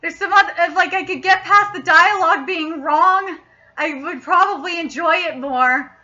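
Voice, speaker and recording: A young woman hosting a casual anime review, excitable and swearing freely as she rants in frustration. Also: very high-pitched, normal speed, lo-fi sound. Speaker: anime reviewer, channel host.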